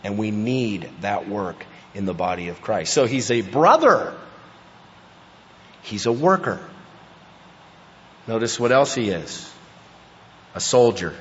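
A male pastor preaching a sermon, building from quiet asides to emphatic, forceful passages. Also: medium pitch. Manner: preaching, rising to emphatic intensity. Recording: echoey hall, dull lo-fi sound.

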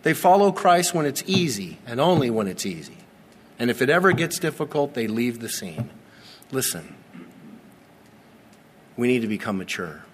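A man in his forties preaching a sermon, earnest and repetitive, with dramatic slow pauses. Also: mid-range voice, sing-song, a little hiss or hum. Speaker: pastor. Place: church sanctuary. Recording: long reverb of a large church hall.

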